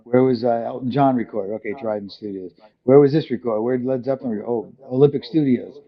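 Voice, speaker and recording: Older New Yorker telling stories. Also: male voice, medium pitch, fast talker. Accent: New York. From New York City. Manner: rambling, many fillers, acts out quoted people. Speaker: guest. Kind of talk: casual storytelling interview. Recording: muffled lo-fi audio.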